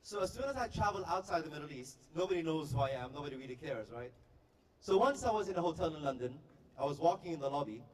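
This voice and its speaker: A man doing live stand-up comedy, telling stories and slipping into high put-on voices for the people he quotes. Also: expressive, fast talker. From Korea. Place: live event hall with audience. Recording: distant stage mic with faint noise.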